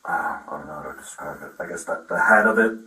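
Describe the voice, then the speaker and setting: A middle-aged father telling the police a long, halting account with many restarts, recorded on a body camera. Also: very deep voice, expressive, bright, forceful tone. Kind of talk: recounting events in a conversation. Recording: roomy, from far off the mic.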